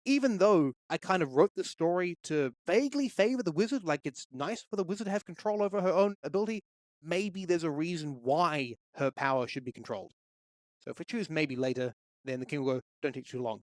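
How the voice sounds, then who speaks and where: A man teaching game development in a steady, explanatory walkthrough. His voice is slightly higher than average. The recording is dry and close, with no room sound. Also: a little fast, no echo. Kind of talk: screen-recorded tutorial.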